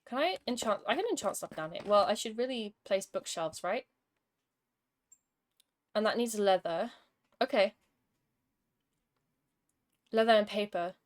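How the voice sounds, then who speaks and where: A woman's voice: mid-range voice, animated, unhurried, pauses often. A young woman streaming a game, chatting casually and telling an exasperated, wry story between moves. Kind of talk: casual gaming commentary with storytelling.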